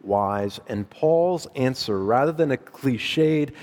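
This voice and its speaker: A middle-aged man preaching a sermon in a conversational, animated way, laughing at his own asides. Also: mid-range voice, takes it slowly, hardly any pauses. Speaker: pastor. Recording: long hall reverb.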